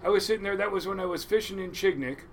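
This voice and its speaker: A man's voice: high-pitched, fast talker, slight background noise. A middle-aged man, a longtime crab fishing captain, telling stories in a rambling, profane way and laughing often. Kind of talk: casual storytelling interview.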